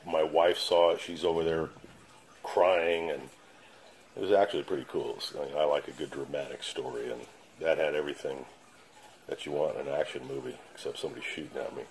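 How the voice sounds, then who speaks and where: A man's voice: a bass voice, steady tone, a little fast, a little mellow, husky, low-quality recording. A middle-aged man telling a dramatic personal story to his channel in a blunt, profane, casual way. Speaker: channel host. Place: his house basement.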